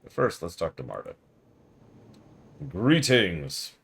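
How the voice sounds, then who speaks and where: A man's voice: very deep voice, lively intonation, normal speed, gravelly, slightly rough. A man casually playing through a game on stream, chatting and muttering to himself as he reads the dialogue aloud.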